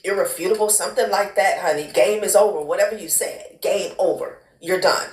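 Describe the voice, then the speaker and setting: A tarot card reader gives a casual reading, blunt and profane, calling the listener honey and child. Her voice is mid-range and brisk, and the room is echoey.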